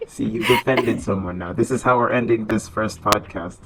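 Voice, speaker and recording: A man's voice: on the low side, low-quality recording. A man hosting a casual podcast chat, loose and laughing, swearing freely. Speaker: podcast host. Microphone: online voice chat.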